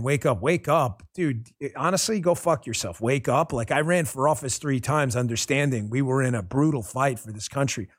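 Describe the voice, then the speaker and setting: A man's voice: mid-range voice, dry recording, studio quality. A man hosting his own talk show, delivering a passionate, blunt monologue with casual swearing. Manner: impassioned, blunt, swears freely. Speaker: show host.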